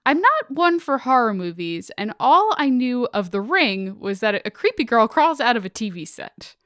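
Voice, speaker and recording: A woman's voice: on the high side, very animated, moderate pace, a bit bright, no echo, studio quality. A woman podcast co-host reading out a listener's spooky story in a casual, dramatic, swearing way.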